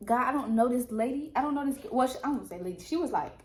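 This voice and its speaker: A young woman tells faith stories with emphatic energy, repeating herself to press her point home. Her voice sits a little high, and the recording carries a roomy echo. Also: quick pace. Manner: animated, emphatic storytelling. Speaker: podcast co-host. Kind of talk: casual faith testimony chat.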